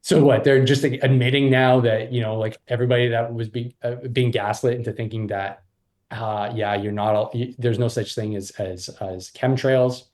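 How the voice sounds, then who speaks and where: A man talking as a podcast guest, animated and rambling with frequent restarts. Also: mid-range voice, moderate pace. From Canada. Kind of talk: casual interview chat.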